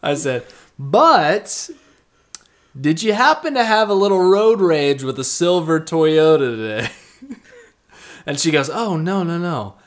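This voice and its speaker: Male podcast co-host, lively storyteller who does voices and curses. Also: fairly high pitch, slow pace, pauses often. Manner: animated storyteller, acts out quotes, swears. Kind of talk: casual chat.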